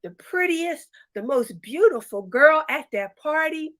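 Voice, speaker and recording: A woman's voice: sits high, animated, measured pace, fairly bright tone. A woman storyteller voicing a vain, daydreaming young milkmaid girl who talks in a giddy, boastful sing-song.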